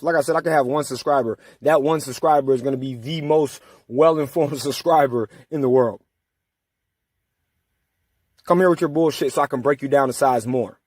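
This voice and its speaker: A man's voice: mid-range voice, darkish tone, no room sound. A man hosting his own channel, delivering an angry, taunting and profane monologue aimed at his critics. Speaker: channel host.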